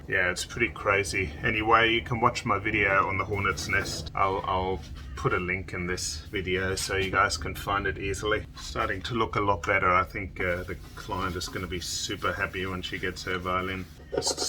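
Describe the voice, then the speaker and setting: A man's voice: on the low side, sharp tone, a little hiss or hum. A man and violin maker chatting casually as he narrates work in his indoor workshop, rambling and joking as he goes.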